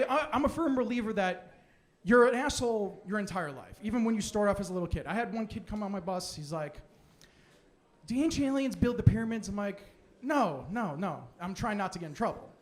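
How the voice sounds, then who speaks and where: A man's voice: high-pitched, animated, brisk. Brash young man doing stand-up. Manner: brash, sarcastic, loud outbursts at a heckler. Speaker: stand-up comedian. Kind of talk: stand-up set with crowd work. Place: comedy club stage.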